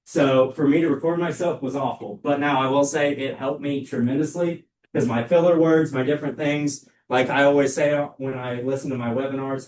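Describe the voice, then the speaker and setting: Loud, emphatic male sales trainer. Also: mid-range voice, moderate pace, few pauses, slight background noise. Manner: loud, energetic, emphatic delivery. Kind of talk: live sales training talk. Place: training room with an audience. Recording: echoey room, mic far off.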